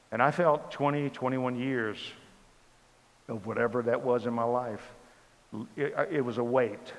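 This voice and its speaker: An older man preaching a testimony sermon, acting out dialogue and swinging from loud bursts to hushed tones. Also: medium pitch, fairly even intonation, a little slow. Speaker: pastor. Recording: long hall reverb.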